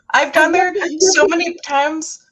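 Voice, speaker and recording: A woman's voice: very high voice, steady tone, slow pace, a bit bright, a little hiss or hum. A young adult woman co-hosting a casual morning show, upbeat and laughing often. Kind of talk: casual chat.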